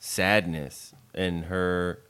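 A man co-hosting a casual movie recap podcast, joking and slipping into quick character voices. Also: low-pitched, clean tone. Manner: animated, jokey, does quick voices of characters. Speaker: podcast co-host.

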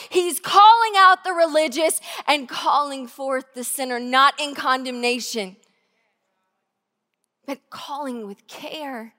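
High-voiced woman pastor preaching in a hall. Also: pushed and bright. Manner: earnest, conversational preaching with slow emphatic phrases. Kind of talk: sermon. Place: church sanctuary.

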